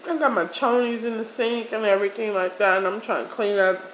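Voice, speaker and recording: Woman in her 40s spilling a story, slangy and expressive, mid-pitched voice, kinda roomy echo. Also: a little fast, slight background noise. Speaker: vlogger. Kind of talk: casual storytelling over a meal. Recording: echoey room.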